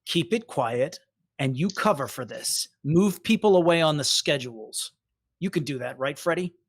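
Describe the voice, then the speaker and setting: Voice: mid-range voice, animated, normal speed. A game master voicing Kevin, a tense male station officer who gives clipped, commanding orders in a tabletop game. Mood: urgent.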